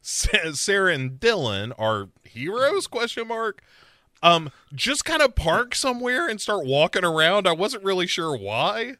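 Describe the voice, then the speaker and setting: A man with a lively, bouncing delivery and a bright, forceful edge, chatting casually as a podcast co-host. He jokes and laughs often while recapping a show. The sound is dry and close, with no room around it. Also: sits high, measured pace, dry recording. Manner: joking, laughs often, mimics characters in silly voices.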